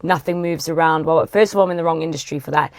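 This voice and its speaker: A chatty woman hosting a podcast, talking loosely and casually. Her voice sits fairly low for a woman. The recording is dry and close, with no room sound. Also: fairly even intonation, fast talker, no echo. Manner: chatty, swears casually, acts out quoted dialogue. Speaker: podcast host. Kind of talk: casual conversational interview.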